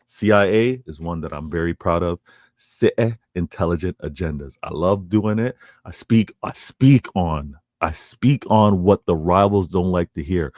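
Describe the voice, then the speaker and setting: Man, fan show host: low voice, dry close mic, cocky trash talk. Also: a little mellow, no room sound. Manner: boastful, trash-talking.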